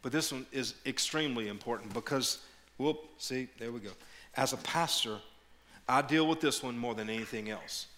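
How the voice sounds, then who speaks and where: A middle-aged man preaching as a pastor, telling stories with animated energy and dropping into quiet prayer, often repeating words. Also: mid-range voice, moderate pace. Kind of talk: sermon.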